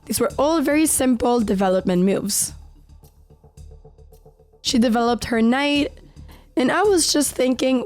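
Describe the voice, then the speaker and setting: A woman narrating her own chess game in a calm, measured voice-over, slightly sick with an occasional crack in her voice. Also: high-pitched. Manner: calm, measured storytelling of moves. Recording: voice-over with faint background music.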